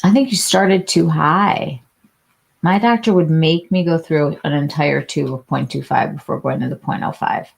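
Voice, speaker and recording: A husky, creaky woman's voice, low in pitch, speaks at normal speed. She's hosting a casual beauty stream, chatting with viewers by name as she reads their comments, restarting often and using plenty of fillers.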